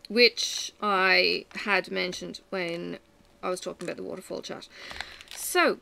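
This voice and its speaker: A woman chatting casually to camera in a lively, self-mocking way. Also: lowish voice, unhurried, gravelly. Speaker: vlogger.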